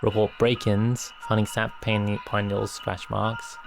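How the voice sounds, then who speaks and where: A man with an unhurried, drawn-out delivery, commenting on a game and swearing casually. He thinks out loud as he plays. Game music plays clearly behind him. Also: lowish voice, little pitch movement. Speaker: streamer playing a game. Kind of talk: casual let's-play commentary.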